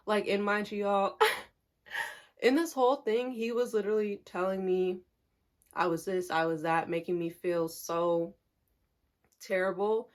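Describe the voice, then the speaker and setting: A young woman tells a personal story in a candid, animated vlog, talking directly to her viewers and laughing along the way. Her voice sits at a medium pitch and swings between hushed and emphatic moments. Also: a little slow, long pauses. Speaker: vlogger.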